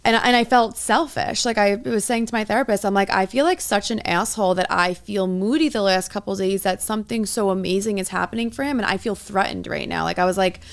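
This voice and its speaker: A woman's voice: medium pitch, fast, few pauses. A young woman co-hosting a podcast as a coach, talking in an earnest, rambling way full of "like". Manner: earnest, rambling, heavy use of "like". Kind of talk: casual chat.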